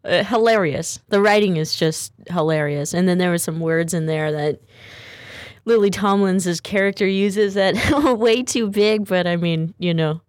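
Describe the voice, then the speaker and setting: A woman's voice: lowish voice, moderate pace, dry recording, clean studio sound. A woman hosting a talk show in a chatty, rambling way. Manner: chatty, rambling, laughs often. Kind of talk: casual chat.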